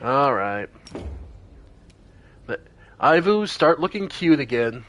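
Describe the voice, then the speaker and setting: A man's voice: mid-range voice, very animated, slow, a bit bright. A man streaming a role-playing game, thinking aloud with casual commentary and some swearing.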